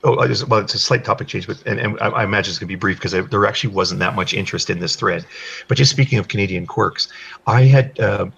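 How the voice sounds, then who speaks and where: A low, gravelly man with a husky edge to his voice, talking in a relaxed group chat. He gets animated when he explains his points. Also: quick pace, lo-fi sound. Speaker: podcast co-host.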